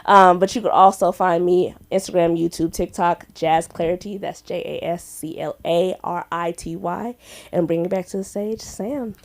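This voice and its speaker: A young woman doing stand-up at an open mic on a comedy club stage, telling a story with a giggly, animated delivery and loud acted-out voices. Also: lowish voice, moderate pace.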